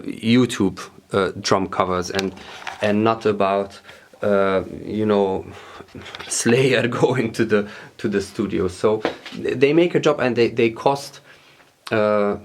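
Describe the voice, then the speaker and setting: A German-speaking man with a lowish voice casually shows off his home studio gear in English. He halts often, filling gaps with fillers and repeats while hunting for words.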